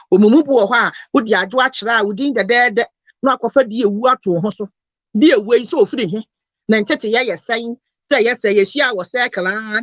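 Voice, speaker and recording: A woman's voice: on the high side, fairly bright tone, dry recording. A Ghanaian woman talking passionately, mixing Twi and English in an emotional, preachy lecture. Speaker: host.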